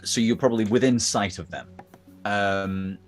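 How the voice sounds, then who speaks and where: A man's voice: lowish voice, steady tone, normal speed, faint music behind. A man narrating as dungeon master, rambling and hesitant with many fillers. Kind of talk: narrating a tabletop game.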